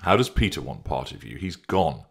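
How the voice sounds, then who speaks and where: A man's voice: rumbling low, big pitch swings, moderate pace, gravelly, breathy edge, full character voice. A man voicing an anxious, pleading man who is desperate to hold on to his partner, in an audiobook reading. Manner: pleading, defensive.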